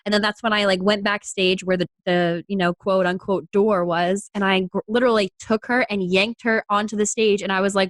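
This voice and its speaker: A woman's voice: mid-range voice, fairly quick, no room sound. Actress guest, young woman from New York, laughs through her stories, dry recording. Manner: giggly, animated storyteller. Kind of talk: casual interview chat.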